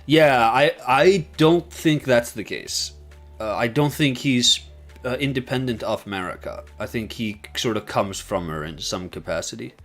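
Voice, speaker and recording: A man's voice: medium pitch, measured pace, fairly bright tone, faint music behind. A man chatting casually with viewers on a livestream, thinking aloud and rambling with many fillers and restarts. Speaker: streamer and video essayist.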